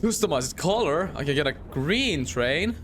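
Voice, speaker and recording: A man's voice: fairly high pitch, sing-song, measured pace, heavy background noise. A man playing a game and commenting, laughing and swearing a lot. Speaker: gamer. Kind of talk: let's-play commentary.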